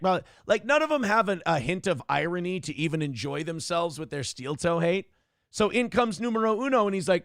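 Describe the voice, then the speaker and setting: A man's voice: high-pitched, lively intonation, a little fast, a bit bright, dry recording, studio quality. A middle-aged man hosting a livestream morning show, reading out donations in a brash, taunting, profane way. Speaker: host.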